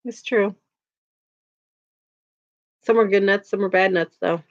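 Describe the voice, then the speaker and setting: A livestream host from Chicago, USA, chats casually with her viewers while reading their comments, laughing often and using lots of filler words. Her voice is medium-pitched and steady in tone, her pace slow, and the sound lo-fi.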